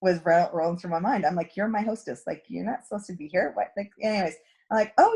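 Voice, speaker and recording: A woman's voice: mid-range voice, fast, vocal fry, darkish tone, slightly rough. A middle-aged woman coaching a direct sales team in a chatty storytelling talk, acting out quoted dialogue. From Canada.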